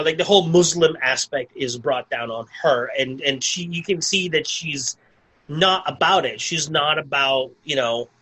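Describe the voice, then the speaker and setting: A man with a bright, slightly high voice, talking casually through a movie plot on a podcast. He rambles, circles back, and fills his sentences with "like" as he goes. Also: rough recording. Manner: rambling, full of "like" and restarts. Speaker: podcast co-host. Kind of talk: casual movie review chat.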